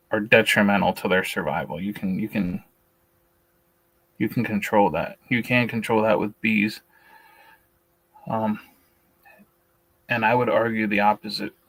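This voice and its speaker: A man's voice: lowish voice, vocal fry, fairly bright tone, breathy edge, low-quality recording. A man hosting a beekeeping talk stream, blunt and opinionated, speaking with a shaky voice and often restarting his sentences. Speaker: beekeeping channel host. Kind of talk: casual livestream talk, reading and answering a list.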